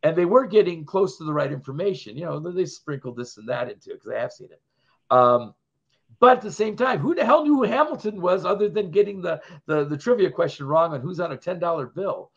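A man's voice: fairly high pitch, very animated, fairly quick, vocal fry, slightly rough. A man co-hosting a podcast in casual chat, rambling from point to point and laughing often. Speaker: podcast co-host. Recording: dull lo-fi sound.

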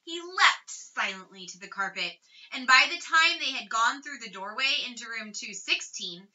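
A woman reading a children's chapter book aloud in a steady, expressive storytelling voice. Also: a little high, far from the mic, dull audio. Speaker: reader.

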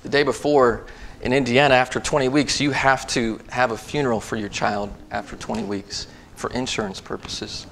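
A man's voice: medium pitch, fairly even intonation, normal speed, gravelly, few pauses, a bit bright, slight background noise. Man preaching a storytelling sermon. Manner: storytelling, then reading scripture with rising emphasis. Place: church.

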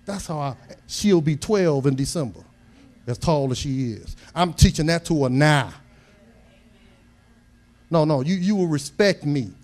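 High-voiced preacher, folksy and emphatic. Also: male voice, lively intonation, a little slow, pauses often, a little mellow. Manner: folksy, humorous storytelling that builds to emphatic preaching. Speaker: pastor. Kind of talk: sermon.

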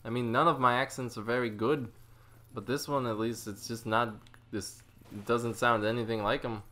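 A man hosting a let's play, giving casual, excitable and self-mocking commentary, often talking to the enemy on screen. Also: medium pitch, normal speed.

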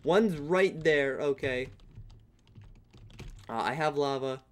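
A man's voice: a little high, slow pace, a little hiss or hum. Chatty young man narrating his gameplay. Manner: chatty, rambling, bursts into playful yelling. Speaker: gaming YouTuber. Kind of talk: casual gameplay commentary.

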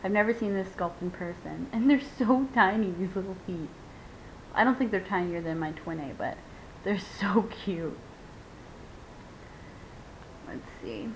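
A woman's voice: animated, normal speed. A young woman in casual unboxing chat who gushes, squeals and laughs often as she talks to her viewers. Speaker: vlogger unboxing a reborn doll. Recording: dull lo-fi home video with faint rumble.

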